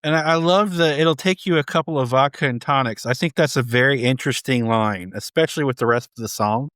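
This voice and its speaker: A man of middle pitch talking as co-host of a music podcast, pausing often with ums and a hesitant, easygoing delivery. The recording is dry, without room sound. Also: a bit bright, no room sound. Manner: hesitant, many ums, quotes lyrics. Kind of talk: casual podcast chat.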